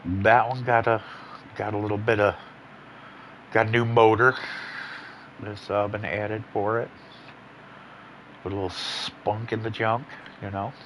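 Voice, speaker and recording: Low-pitched and flat, this man comments on his gameplay unhurriedly, pausing often, his tone fairly bright with slight background noise. The gaming host rambles, speaks bluntly and swears a lot, yawning as if somewhat tired.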